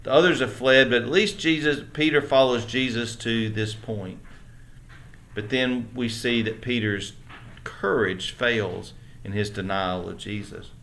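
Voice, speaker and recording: A man's voice: medium pitch, steady tone, a little slow, creaky, fairly bright tone. Earnest Southern man teaching Bible. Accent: Southern American. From American South. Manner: earnest, conversational, with many restarts; asks listeners rhetorical questions. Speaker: church teacher. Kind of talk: Bible lesson.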